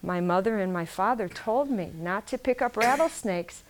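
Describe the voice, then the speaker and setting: A woman's voice: medium pitch, expressive, normal speed, lightly acted, rough recording. A woman voicing a kind-hearted, earnest little boy in a told story.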